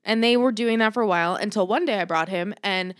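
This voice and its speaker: A woman's voice: medium pitch, fast, smooth, no echo. Young woman, casual podcast chat, rambling, fillers everywhere, dry close sound. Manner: rambling, full of "like", swears freely.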